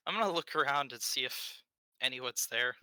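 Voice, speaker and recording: A man's voice: mid-range voice, normal speed, sharp tone, clear, resonant tone, no room sound. A man playing a tabletop game, talking casually and wryly about his character's suspicions. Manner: wry, suspicious. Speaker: player.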